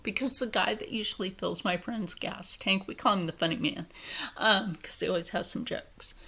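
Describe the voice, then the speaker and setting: A woman's voice: mid-range voice, normal speed, creaky, bright, forceful tone. Profane, indignant woman with a Philadelphia accent. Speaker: vlogger. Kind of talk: angry rant to camera.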